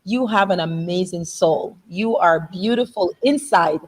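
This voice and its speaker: Animated, laughing Canadian woman guest. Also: on the low side, a little slow. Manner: animated, laughs often, exclaims. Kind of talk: emotional conversation.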